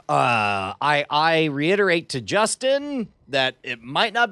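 A man's voice: a little high, sing-song, slow pace, bright, forceful tone, clear, resonant tone, no room sound. A man playing a tabletop role-playing game, describing his character's actions in a wry, snide way. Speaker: player. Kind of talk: tabletop role-play banter.

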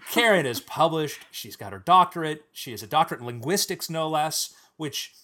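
A man with a slightly high voice hosts a podcast, rambling through introductions with stops and restarts. He laughs a lot and keeps the talk loose and casual. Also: expressive, bright, forceful tone. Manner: rambling, halting, laughs often. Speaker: podcast host.

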